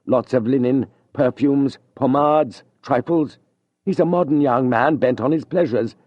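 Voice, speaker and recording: A man's voice: medium pitch, measured pace, highs cut off, voice pushed up, close to an everyday voice. A man voicing a sly, scheming male priest who speaks in a cool, dismissive manner.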